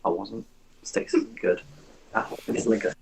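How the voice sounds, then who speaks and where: A man's voice: on the low side, fairly even intonation, measured pace, creaky, background noise. A man as a player in a tabletop game, joking around in casual chat.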